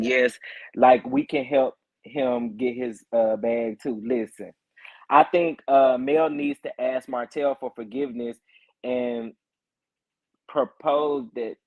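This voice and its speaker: Over tinny, phone-like audio, a mid-range male voice runs a relaxed livestream, going through viewer comments and chatting. He's lively, laughs frequently, and keeps repeating himself with long, stretched-out exclamations.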